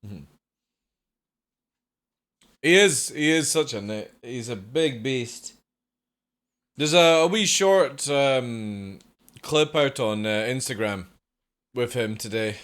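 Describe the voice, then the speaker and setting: A man's voice: medium pitch, animated, slow, fairly bright tone. A man streaming live from home, chatting casually with viewers and swearing now and then.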